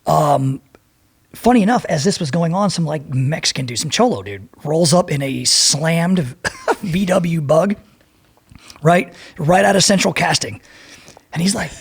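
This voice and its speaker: A middle-aged man telling a profane, animated story as a podcast guest and acting out the people in it. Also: sits high, moderate pace, gravelly, husky. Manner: profane, animated, acts out voices in his anecdote. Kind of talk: storytelling in a casual interview.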